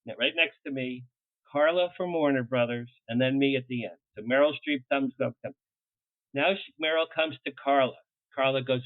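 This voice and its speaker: An older man telling showbiz stories as an interview guest, animated and quick to laugh, slipping into little acted bits of what others said. His voice sits at an ordinary middle pitch. It comes through a thin, phone-like line with a dry, close sound. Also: no room sound. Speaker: publicist guest. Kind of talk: anecdotal storytelling in an interview.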